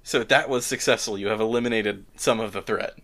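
A man running a tabletop role-playing game as game master, relaxed and laughing, with the odd swear word. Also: lowish voice, a little fast.

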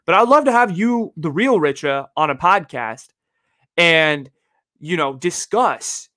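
A man's voice: a little high, expressive, measured pace, bright, forceful tone, no room sound, clean studio sound. A young man from the Bay Area hosting a podcast in a loose, rambling monologue, repeating himself and filling gaps with "like" and "you know.". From San Francisco Bay Area. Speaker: podcast host. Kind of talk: casual one-sided podcast monologue.

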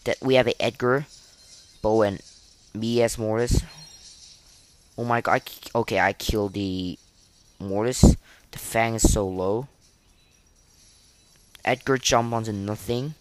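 A man's voice: fairly low pitch, steady tone, unhurried, long pauses, clean tone. A young man giving live gameplay commentary, flustered and self-deprecating, full of fillers and restarts. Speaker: gaming podcaster.

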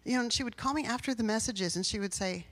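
A woman's voice: fairly high pitch, fast talker. A woman pastor giving a sermon in a personal, conversational way, rising into emphatic bursts.

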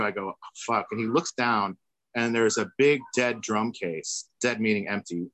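A man's voice: mid-range voice, fairly even intonation, a little slow, a bit bright, dry recording, rough recording. A man, a former tour manager, telling a long story on a video call and acting out the voices of the people in it. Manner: rambling, acts out quoted voices. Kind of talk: casual storytelling.

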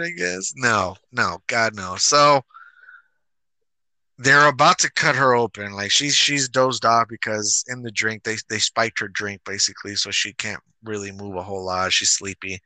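A man hosting a casual movie review chat, animated and swearing as he retells scenes with acted quotes. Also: lowish voice, a little slow, dry recording, low-quality recording. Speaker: podcast host.

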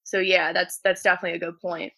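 A woman's voice: lowish voice, flat delivery, quick pace, vocal fry, a bit bright, poor audio. A woman strength coach talking casually as a podcast guest, with many "like" fillers.

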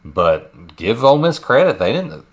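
A man's voice: medium pitch, sing-song, moderate pace. A man co-hosting a casual sports chat, rambling and trailing off mid-sentence. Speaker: co-host.

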